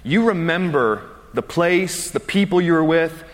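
In a relaxed, conversational sermon that includes a personal story, a man in his thirties who is a pastor laughs readily as he speaks. His voice is fairly high and animated, with an unhurried pace, echoing with the long reverb of a large hall.

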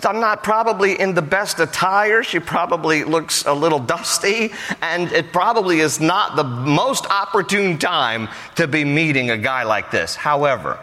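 A pastor delivers a sermon in a medium-pitched, bright, pushed voice, joking conversationally and telling the story with lots of animation. The recording carries hall reverb.

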